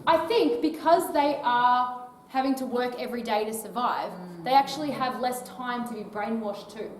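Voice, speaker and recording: A woman's voice: a little high, moderate pace, distant mic. Chatty woman in an echoey hall. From Australia. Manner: chatty, peppers sentences with tag questions like "right?". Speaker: touring public speaker. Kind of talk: casual speech to a live audience. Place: old library hall, indoors.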